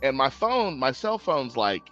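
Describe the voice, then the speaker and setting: A man's voice: mid-range voice, unhurried, lo-fi sound, faint music behind. A man casually telling a profane, laughing story to friends on an online show. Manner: profane, laughing, animated retelling. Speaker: panel member.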